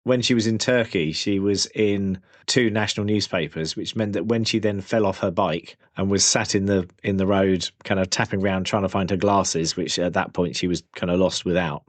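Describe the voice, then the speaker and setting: Low-voiced man, relaxed storytelling. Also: moderate pace, hardly any pauses, no room sound. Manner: relaxed, hedges with "kind of". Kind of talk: conversational storytelling.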